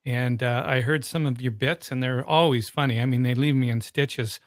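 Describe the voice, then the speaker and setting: A man hosting an interview, telling a story in a relaxed, rambling way. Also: mid-range voice, normal speed, no echo, studio quality. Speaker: host. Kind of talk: conversational interview.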